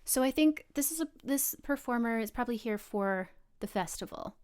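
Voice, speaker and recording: A woman's voice: on the high side, lively intonation, normal speed, smooth. A woman narrating her superhero's actions as a player in a tabletop game, rambling and restarting. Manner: rambling, with restarts and soft asides.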